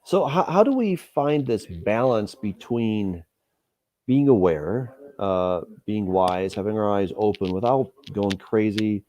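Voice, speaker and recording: A man hosting a live interview, reading viewer questions and musing in a relaxed way. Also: fairly low pitch, slow. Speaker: host.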